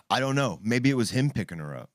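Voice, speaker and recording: A man's voice: mid-range voice, moderate pace, no room sound, clean studio sound. A man in his thirties telling a story in casual chat, swearing freely and acting out what people said. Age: 30s. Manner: animated, profane, acts out quoted voices.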